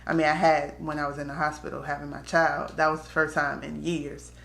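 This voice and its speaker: Candid woman vlogger, low voice, echoey room. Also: little pitch movement, fairly quick, vocal fry, a bit bright. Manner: candid, conversational, slips into quoted voices. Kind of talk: casual storytelling to camera.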